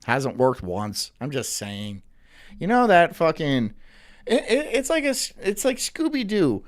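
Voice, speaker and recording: A woman's voice: low voice, very animated, unhurried. A woman hosting a livestream, talking casually while reacting to clips, swearing and repeating herself. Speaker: livestream host.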